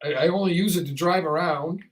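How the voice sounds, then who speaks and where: Man, podcast host, slightly high voice, rambling casual chat, acts out quotes. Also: brisk, low-quality recording.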